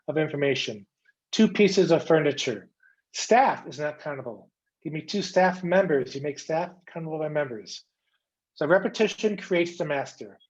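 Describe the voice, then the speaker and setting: Brief: man teaching English on a video call, slow drilling delivery, higher pitch, dull lo-fi audio. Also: a little mellow. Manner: slow, drilling words by repetition, encouraging. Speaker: English coach giving a speech. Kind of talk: online English pronunciation lesson.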